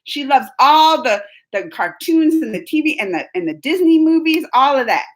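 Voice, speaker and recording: High-voiced, playful woman vlogger. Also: moderate pace. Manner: animated and playful, laughs often. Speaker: video host reading live comments. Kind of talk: casual live-chat vlog.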